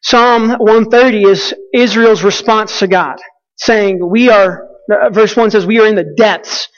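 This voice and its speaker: Male preacher, high-pitched for a man, conversational storyteller, with a dull, muffled recording. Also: steady tone, a little slow, in a large hall. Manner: storytelling, conversational, asks the audience questions. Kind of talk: sermon with a personal story.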